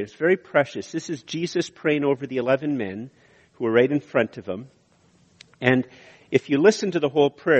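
An earnest pastor in his sixties preaches, building his points through repetition with frequent pauses. His voice sits at a middle pitch and carries a long reverb from a church hall. The sound is slightly dull. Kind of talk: sermon.

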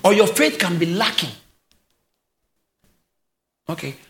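A high, bright male voice, preaching with big swings in pitch from quiet asides to shouted calls. He often laughs between phrases. The sound carries the echo of a large church hall. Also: slow pace. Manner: animated preaching, rising to shouts. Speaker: pastor. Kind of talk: sermon.

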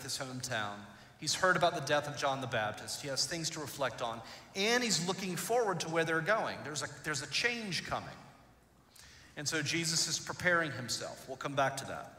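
A male pastor preaching a sermon, retelling a story with dramatic swings between loud and quiet. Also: on the high side, expressive, normal speed. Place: church. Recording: echoey church hall.

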